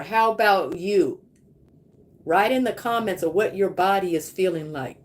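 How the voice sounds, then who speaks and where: A middle-aged woman leading a live spiritual healing session as a guided meditation, slow and affirming, repeating her phrases. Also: medium pitch, rough recording.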